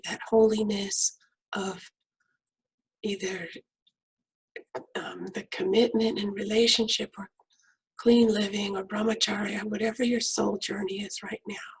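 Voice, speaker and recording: A middle-aged woman guiding a prayer meditation in a soft, half-whispered voice. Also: mid-range voice, flat delivery, a little slow, pauses often, a little hiss or hum, rough recording.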